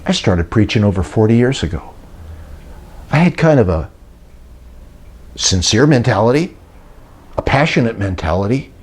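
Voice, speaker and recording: A man's voice: lowish voice, big pitch swings, moderate pace, long pauses, breathy edge. An older man preaching and retelling a story, acting out the voices of those he quotes. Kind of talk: sermon-style teaching talk.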